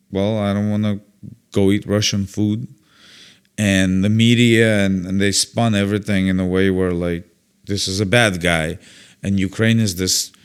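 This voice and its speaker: A smooth, low-voiced male comedian appears as a guest and tells stories in a casual chat. He's blunt and opinionated, an animated storyteller who acts out other people's lines and swears freely.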